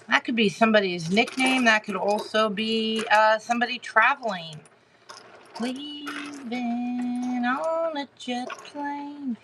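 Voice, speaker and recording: A woman giving a live tarot reading to her chat, talking haltingly with many fillers and restarts and greeting viewers by name. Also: on the high side, background noise. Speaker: tarot reader hosting a live stream.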